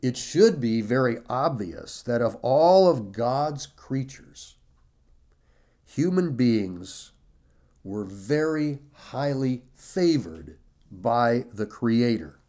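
A man preaching a sermon, slow and emphatic, stressing and repeating key phrases while reading scripture aloud. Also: medium pitch, animated, warm tone. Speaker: pastor.

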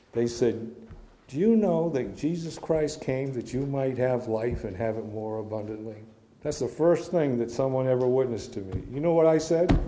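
A middle-aged man giving an informal Bible teaching, reading verses aloud and explaining them in a relaxed, storytelling way. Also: medium pitch. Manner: reads scripture aloud then explains it in a casual, storytelling way.

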